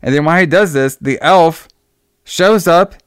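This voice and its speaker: A young man casually recapping a film plot in loose, profane talk, slipping into quick voices for the characters. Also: a little high, smooth, no room sound, clean studio sound. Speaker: podcast co-host recapping a movie.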